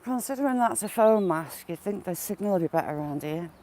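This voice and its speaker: Her voice is mid-range and dark-toned, expressive and quick. She's hosting a relaxed walk-and-talk livestream outdoors in the countryside, her English accent a regional mix, and she greets viewers by name along the way.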